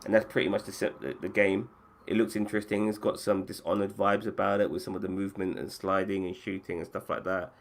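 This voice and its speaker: A man with a deep voice talks fast and flat as he hosts a podcast. It's a casual chat about video games, and he swears freely and keeps restarting his sentences.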